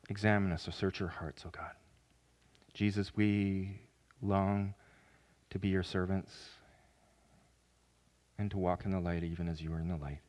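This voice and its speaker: A man preaching a sermon as pastor, earnest, with sudden loud emphatic rises. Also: sits low, flat delivery, moderate pace.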